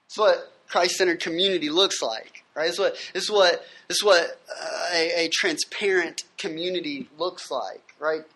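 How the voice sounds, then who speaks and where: An emphatic pastor delivering a sermon at a gathering on a university campus. He reads scripture passages aloud and then unpacks them. He keeps checking in with the listeners through a steady "right?". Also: medium pitch, unhurried, few pauses.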